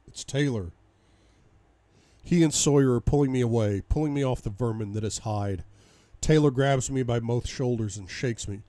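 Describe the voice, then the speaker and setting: A man's voice: mid-range voice, moderate pace, mellow. A man reading a first-person audiobook in an intense, dramatic way. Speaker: audiobook reader.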